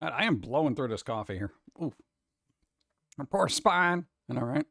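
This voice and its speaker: A man's voice: mid-range voice, big pitch swings, normal speed, creaky, fairly bright tone, no echo, clean studio sound. A man hosting a casual stream and reading viewer comments, rambling and joking about himself. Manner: rambling, joking, self-deprecating. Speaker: streamer host.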